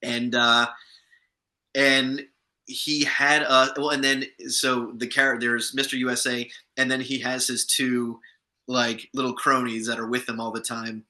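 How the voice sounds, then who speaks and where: A man's voice: medium pitch, level tone, a little slow, bright, forceful tone, poor audio. A man, an actor guest in an interview, chatting through anecdotes from set with many restarts. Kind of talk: casual interview storytelling.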